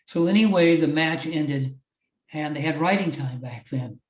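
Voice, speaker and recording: A man's voice: a little high, unhurried. An older man from Iowa, a former wrestling champion, telling a heartfelt story in a podcast interview, with frequent restarts. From Iowa, USA. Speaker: guest, former wrestling champion and motivational speaker. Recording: roomy, distant, slightly dull audio.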